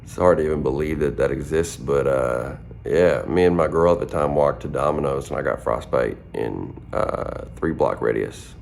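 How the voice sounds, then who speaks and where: Very deep gravelly laid-back man. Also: moderate pace, hardly any pauses, a little mellow, slight background noise. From southern Minnesota. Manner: laid-back, drawling and playful. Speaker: rapper answering fan questions. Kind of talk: casual chat.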